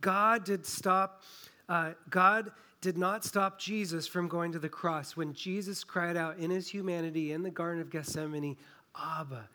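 A man preaching a sermon, earnest, often dropping soft and low on key phrases. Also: fairly even intonation, normal speed. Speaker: pastor.

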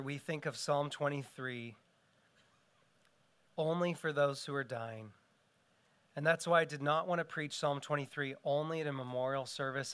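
A man's voice: a little high, a bit bright, clear, resonant tone. A middle-aged man preaching a sermon as pastor in an earnest style, his voice rising and falling for emphasis.

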